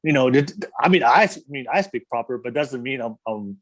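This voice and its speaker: A man's voice: medium pitch, expressive, a little fast. A man hosting a podcast interview, talking in a hesitant, casual way with many restarts and repeated words. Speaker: podcast host.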